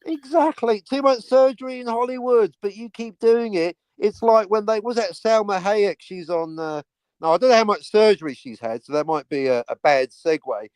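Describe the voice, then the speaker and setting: A man's voice: high voice, normal speed, darkish tone, clean tone, dry recording. A man co-hosting a casual podcast, ranting sarcastically and swearing freely. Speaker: podcast co-host. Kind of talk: casual crude banter.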